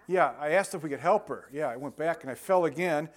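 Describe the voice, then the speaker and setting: A man's voice: a little high, fairly quick. Older male pastor telling stories in a sermon. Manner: conversational storytelling with frequent restarts and laughter.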